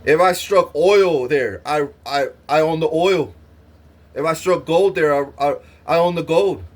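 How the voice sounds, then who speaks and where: A man with a somewhat high voice rants straight to camera. He is profane and menacing, boasting about his power and threatening his listeners. His words trip into repeated restarts as he pushes on. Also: measured pace. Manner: repeats himself with stuttered restarts. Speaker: vlogger. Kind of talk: angry boastful rant to camera.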